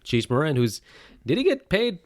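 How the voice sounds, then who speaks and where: A man's voice: a little high, huge pitch swings, normal speed. A man co-hosting a casual movie review chat, rambling and correcting himself as he goes. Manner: rambling, self-correcting, teasing. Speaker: podcast co-host.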